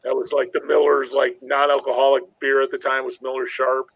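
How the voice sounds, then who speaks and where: A man's voice: medium pitch, completely flat delivery, a little fast, creaky, a bit bright, breathy edge, no room sound, poor audio. A man, probably in his forties, casually telling a long personal story, rambling and swearing and acting out the other voices in it. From Illinois, USA. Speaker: podcast host.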